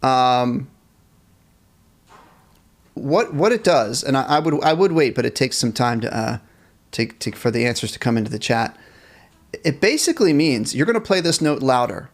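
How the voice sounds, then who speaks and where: A man's voice: medium pitch, lively intonation, moderate pace, long pauses. A man teaching a live-streamed band lesson, explaining instrument technique, reading viewers' chat and counting off rhythms for them to play along. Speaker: music teacher.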